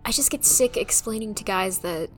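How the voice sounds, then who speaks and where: A man voicing a shy teenage girl, a younger sister, speaking softly and hesitantly in a much higher voice than his own. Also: moderate pace, slightly rough, faint music behind. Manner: soft, hesitant, apologetic.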